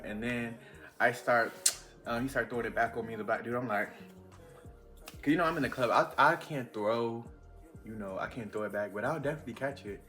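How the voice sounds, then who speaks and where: A young man telling a casual storytime vlog, chatty and animated with lots of fillers. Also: mid-range voice. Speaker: vlogger.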